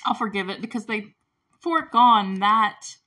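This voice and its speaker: A woman's voice: medium pitch, expressive, normal speed, bright, forceful tone. A woman casually recapping a movie plot, chatty and giggly, with constant "like" fillers. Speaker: movie reviewer. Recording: voice a bit distant from the mic.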